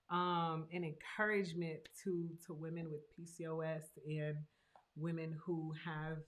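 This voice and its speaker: A woman's voice: deep voice, flat delivery, measured pace. A woman, a therapist and host, talking earnestly and encouragingly about her own hard experience. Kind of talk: heartfelt personal talk.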